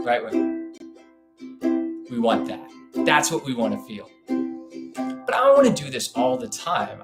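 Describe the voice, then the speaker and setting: A man teaching a live online ukulele lesson in a relaxed, chatty way, scatting rhythms aloud as he demonstrates. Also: medium pitch, normal speed, reverberant, over loud music. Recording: ukulele playing loudly behind the voice. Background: ukulele playing.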